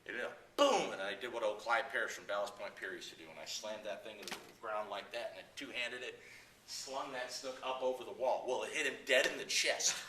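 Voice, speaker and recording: A middle-aged man telling fishing stories to a club audience, animated, acting out the people in them and laughing often. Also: on the low side, a little fast, noisy background. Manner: animated yarn-spinner, acts out quotes, laughs often. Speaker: guest speaker at anglers club. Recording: echoey room, speaker far from mic.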